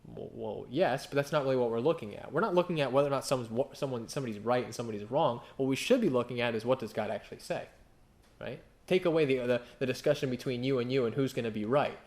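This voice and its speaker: A pastor in his thirties gives a sermon in a loose, conversational style, repeatedly firing rhetorical questions at his listeners. He often stops to restart or repeat himself. His middle-pitched voice has a darkish tone and moves at a quick pace.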